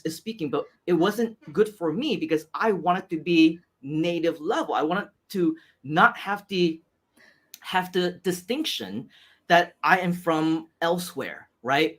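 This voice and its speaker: A man's voice: on the high side, fairly bright tone. A man with an American accent hosting an interview, talking through motivational points and tagging many lines with "right?". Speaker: host.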